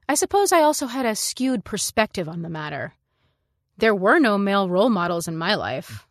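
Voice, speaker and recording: An actress narrating a science fiction short story in the first person, in a measured, composed reading. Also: female voice, mid-range voice, no echo, studio quality.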